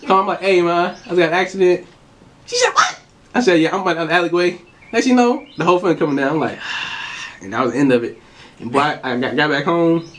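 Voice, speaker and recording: A man telling stories in casual podcast chat, animated, who keeps saying "listen" to take the floor. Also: on the high side, fast, slight background noise.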